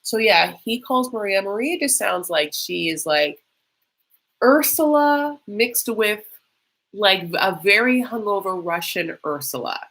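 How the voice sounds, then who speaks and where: A woman's voice: medium pitch, lively intonation, a little slow, fairly bright tone. A woman hosting a live stream, reacting to a reality show in a chatty, sarcastic, theatrical way. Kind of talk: casual live reaction chat.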